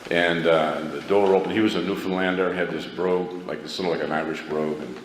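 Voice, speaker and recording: A middle-aged man with a deep voice talks quickly as he shares a meandering personal story at a recovery meeting, poking fun at and laughing at himself. The recording has an echoey hall sound and faint background noise.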